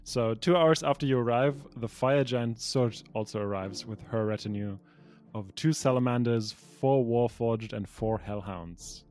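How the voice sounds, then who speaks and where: Young man, game master, reading prepared narration, mid pitch, tabletop game. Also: a little slow, a little mellow, soft background music. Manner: reading pre-written narration, with small slips.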